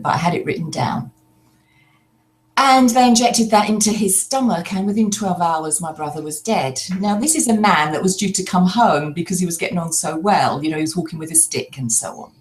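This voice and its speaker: An older woman telling a personal story in a slow, reflective way, pausing often as she speaks. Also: on the low side. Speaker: spiritual speaker.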